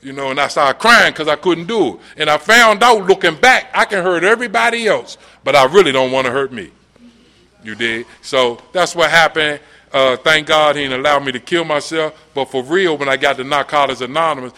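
A man's voice: on the high side, brisk, bright, forceful tone. A middle-aged man gives an earnest, conversational personal testimony at a recovery meeting, often asking "you dig?".

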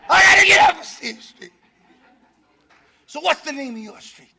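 A man's voice: extremely high pitch, animated, normal speed, vocal fry, pushed and bright. A middle-aged man giving a fiery preaching-style talk at a recovery meeting, exhorting the room and breaking into laughter.

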